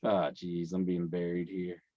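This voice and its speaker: A man speaks slowly with sarcastic, mock-indignant humor in casual podcast chat. His voice comes through slightly dull and lo-fi, with a dry, close sound. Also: sits low, flat delivery, noisy background. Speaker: podcast co-host.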